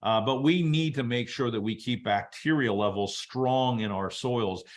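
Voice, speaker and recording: A man presenting a webinar, explaining soil biology at a relaxed teaching pace with casual asides. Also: medium pitch, unhurried. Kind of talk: explaining soil science to an audience.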